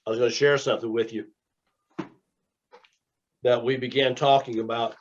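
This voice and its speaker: A man's voice: medium pitch, level tone, normal speed. A man teaching a small class, talking in a rambling, conversational way as he tells stories. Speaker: teacher and minister. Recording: dull lo-fi recording.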